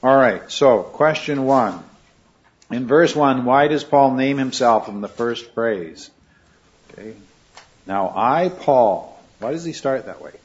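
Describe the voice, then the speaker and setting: A man with a mid-range, unhurried voice leads a Bible study class, asking questions and repeating his students' answers. The recording sounds slightly dull.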